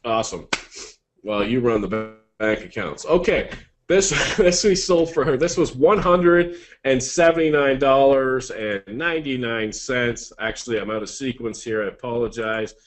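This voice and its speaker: A man presents an online selling course, running through sales examples in an upbeat, salesy pitch peppered with quick asides.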